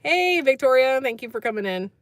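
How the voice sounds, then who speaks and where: A woman's voice: high-pitched, expressive, a little fast, no room sound. Chatty woman hosting a livestream. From United States. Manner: chatty, laughs often, reads chat comments aloud. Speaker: livestream host. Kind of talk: casual livestream chat.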